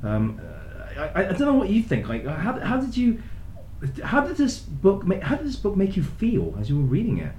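A man in his thirties co-hosting a casual book chat, playful and quick to laugh, trailing off with fillers. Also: high voice, wildly swooping pitch, darkish tone, echoey room, slight background noise. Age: 30s. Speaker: podcast co-host.

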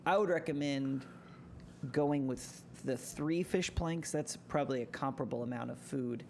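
A man with a gravelly voice co-hosting a podcast, talking in a hesitant, stop-start way. Faint background noise runs under his voice. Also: medium pitch, moderate pace, darkish tone. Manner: hesitant, restarts often. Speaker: podcast co-host. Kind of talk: casual chat.

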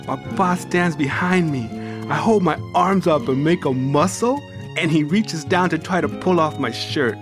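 A man reading his own first-person story aloud with an unhurried, intimate and expressive delivery. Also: on the high side. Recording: music playing behind the voice.

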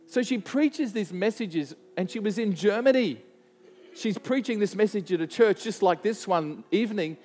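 A man's voice: high-pitched, lively intonation, moderate pace, darkish tone, big-room sound, a little hiss or hum. A man preaching a sermon to a church, telling a story earnestly and often restarting his sentences. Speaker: pastor.

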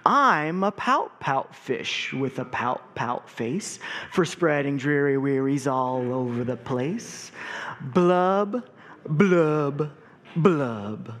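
A man's voice: a little high, animated, drawn-out words, a bit bright, heavily acted. A man voicing a glum, gloomy male fish that drags out a mopey sing-song chant.

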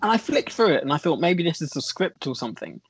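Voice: medium pitch, very animated, fast, slightly rough. A podcast co-host joking along in playful, giggly banter. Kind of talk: casual banter.

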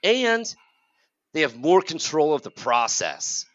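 Speaking at normal speed with big pitch swings and a sharp tone, a medium-pitched man vents in a casual podcast rant, exasperated and sarcastic. He's an American college counselor in his forties co-hosting the show, and the recording is muffled without room sound.

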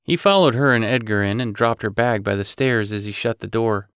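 A man narrating an audiobook in an even, matter-of-fact way. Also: lowish voice, a little fast, clear, resonant tone, dry recording, studio quality. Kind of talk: scripted narration.

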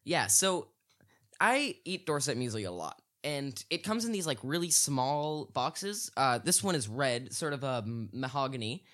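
A man's voice: medium pitch, sing-song, a little slow, a bit bright. A man guesting on a casual podcast, playful and getting worked up in mock rants.

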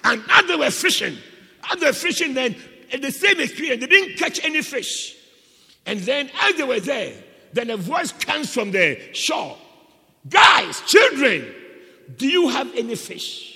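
Male pastor mid-sermon, impassioned, high and swooping voice, ringing church reverb. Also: expressive, normal speed, gravelly. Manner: impassioned, surging from hushed to shouting.

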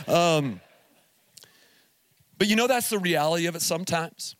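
A man's voice: fairly high pitch, normal speed, long pauses, dry recording. A pastor in his forties preaching at a youth camp, telling a family story with acted-out dialogue and humor. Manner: animated storytelling, acting out dialogue. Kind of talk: live sermon at a youth camp. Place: camp meeting hall.

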